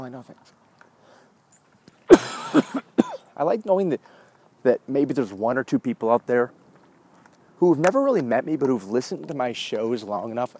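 A man's voice: mid-range voice, gravelly, warm tone, slight background noise. A man in his forties hosting his own show, talking in a rambling, profane casual monologue while walking a dog. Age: 40s. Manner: rambling, profane, wanders off track. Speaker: show host.

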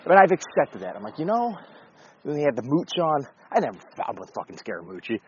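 Blunt, profane man with lively pitch. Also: fast talker, dull audio, slight background noise. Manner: blunt, profane, conversational, with restarts. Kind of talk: casual political commentary.

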